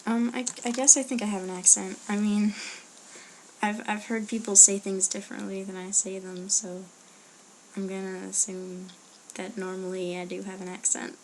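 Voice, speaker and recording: A young woman talks through a list of questions in a loose, rambling way. She pauses on fillers and drops quiet asides under her breath. Her voice sits at a middle pitch. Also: level tone, a little hiss or hum. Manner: rambling and chatty, with hesitant fillers and murmured asides. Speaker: blogger answering a question meme. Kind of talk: casual spoken audio post.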